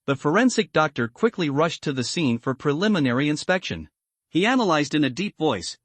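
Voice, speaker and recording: A man's voice: fairly high pitch, very animated, brisk, no echo. Man narrating a story recap, dry close sound.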